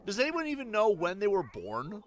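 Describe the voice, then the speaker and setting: A man giving casual gameplay commentary as a streamer, excitable and sarcastic, swearing and laughing often. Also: sits high, brisk, slight background noise. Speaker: gaming streamer.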